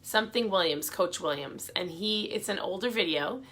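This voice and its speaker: A woman's voice: medium pitch, animated, moderate pace, fairly bright tone. A middle-aged woman giving upbeat, encouraging motivational advice in a casual, chatty talk to her viewers.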